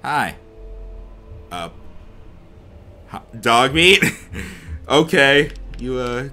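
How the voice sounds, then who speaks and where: A man giving casual commentary while playing a game, talking to himself and to the characters, sometimes slipping into a mock accent or a hushed murmur. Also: mid-range voice, sing-song, very slow, long pauses, faint music behind. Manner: talks to himself and the game characters, rambling and reactive; slips into a mock accent, drops to a hushed murmur when sneaking. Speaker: let's play gamer.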